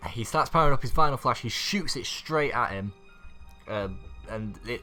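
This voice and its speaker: A man with a fairly low but bright, sharp voice talks through an episode recap in a loose, rambling way. He leans on fillers and restarts. Soft guitar music plays faintly underneath. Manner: rambling, filler-heavy, chuckles often. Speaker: YouTube anime reviewer.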